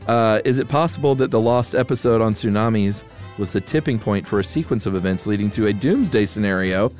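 A man co-hosting a podcast, reading listener mail aloud in a relaxed, casual way with easy laughs. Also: on the low side, brisk, faint music behind. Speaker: podcast co-host.

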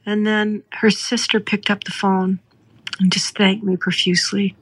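A middle-aged woman from Canada, hosting a podcast and telling a moving story in an earnest, heartfelt way, slowing down for emphasis. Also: medium pitch, little pitch movement, a bit bright, husky. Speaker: podcast host. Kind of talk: emotional storytelling.

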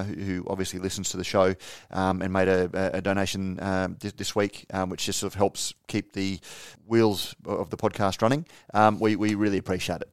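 A man with a low, smooth voice co-hosting a podcast, thinking aloud and tripping over his words. The sound is close and dry, with no room echo. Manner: halting, many restarts and fillers. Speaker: podcast co-host. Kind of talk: casual podcast chat.

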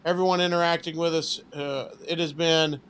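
A man's voice: fairly high pitch, fairly even intonation, moderate pace, a bit bright, clean tone. A man co-hosting a podcast, upbeat and joking in casual chat. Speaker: podcast co-host.

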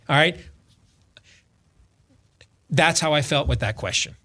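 A man's voice: medium pitch, moderate pace, pauses often. A man hosting a talk show, telling stories with lots of stammers and restarts in casual banter. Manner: animated storyteller, stammers and restarts.

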